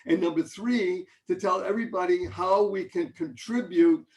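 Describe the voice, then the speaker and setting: A man's voice: sits high, moderate pace, a little mellow. A man speaking as a guest on an online call, giving a playful motivational talk that opens with flowery greetings.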